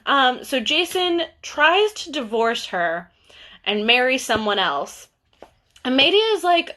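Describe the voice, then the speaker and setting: Chatty bright-voiced young woman. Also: high-pitched, sing-song, slow pace. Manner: chatty, lots of fillers and asides. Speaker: bookseller hosting a book talk. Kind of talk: casual chat on a livestream.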